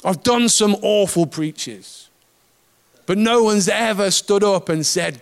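A man preaching a sermon in a conversational, lively way, with asides and touches of humor. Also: high voice, moderate pace, vocal fry.

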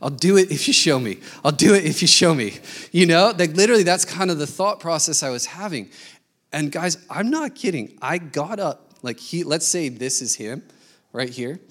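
A man preaching a sermon, telling a lively story and acting out the people in it. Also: on the high side, normal speed. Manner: animated storytelling, acting out quoted voices. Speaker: pastor.

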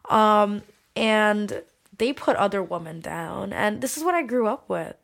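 A young woman talks openly as a guest on a podcast. Her voice sits at an ordinary middle pitch, and her delivery is frank and emotional. She swears freely and leans on "like" as she works through her thoughts. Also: lively intonation, unhurried, gravelly. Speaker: musician guest. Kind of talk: candid podcast conversation.

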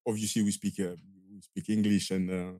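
A man's voice: low voice, level tone, fairly quick, mellow, dry recording. A man in his forties from France with a strong Marseille French accent, talking in a hesitant, filler-heavy way as an interview guest. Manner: hesitant, many fillers and restarts. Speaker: guest, lighting system designer. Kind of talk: casual interview talk.

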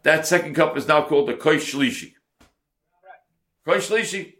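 A man's voice: on the high side, animated, moderate pace, fairly bright tone. A man teaching a Torah class as a rabbi, translating verse by verse and repeating words for emphasis.

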